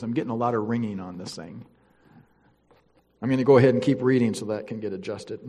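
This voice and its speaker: A man's voice: mid-range voice, brisk, long pauses, mellow. A man teaching a Bible lesson, reading scripture aloud and stopping to comment with playful asides. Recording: long hall reverb.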